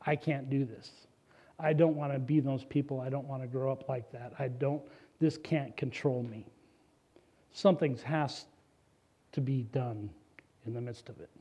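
A man's voice: mid-range voice, fairly even intonation, moderate pace, pauses often, dark tone, breathy edge. A middle-aged man preaching a sermon, telling his own story in an earnest, personal way and reading scripture aloud. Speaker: pastor.

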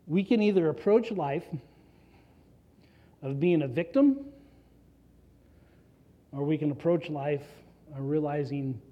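A man preaching a conversational sermon as a pastor, earnestly putting rhetorical questions to the congregation. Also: a little high. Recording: dull lo-fi recording.

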